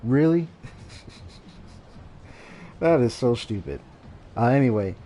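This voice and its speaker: A man's voice: medium pitch, expressive, slow pace, long pauses, mellow, muffled recording. A man streaming gameplay, commenting casually with a joking, incredulous manner. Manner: incredulous, joking, laughs often. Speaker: gaming streamer.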